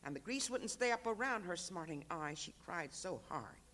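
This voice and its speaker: An author reading a literary excerpt aloud at a panel, measured and rhythmic. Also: male voice, high voice, animated, bright, forceful tone.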